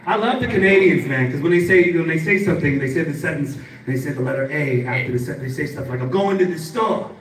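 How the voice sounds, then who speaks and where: A man doing a stand-up comedy set, working the crowd with an animated delivery at a live show. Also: fairly high pitch, quick pace, few pauses, far from the mic. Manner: animated, crowd work with audience. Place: live venue with audience. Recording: live show, roomy with loud audience. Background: crowd laughter and noise.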